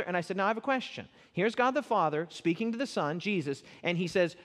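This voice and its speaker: A man's voice: high-pitched, fast talker, few pauses, a bit bright. A man preaching a sermon, emphatic and quizzing his audience with repeated questions. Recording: reverberant hall.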